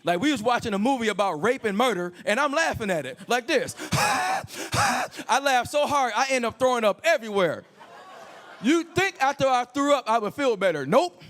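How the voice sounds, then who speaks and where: High voiced guy doing crude standup on a club stage, handheld mic, animated. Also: fairly quick. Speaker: stand-up comedian. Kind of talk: stand-up comedy set.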